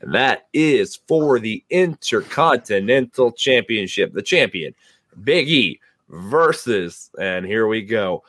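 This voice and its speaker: A man's voice: fairly low pitch, lively intonation, slow pace, noisy background. A man hosting a casual podcast, joking and teasing his co-hosts in loose, rambling talk. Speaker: podcast host. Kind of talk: casual chat.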